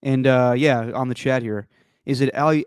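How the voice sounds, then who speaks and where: Male podcast co-host, smooth clear voice, upbeat banter, dry close mic. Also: mid-range voice, fairly even intonation, normal speed, no echo. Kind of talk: casual sports chat.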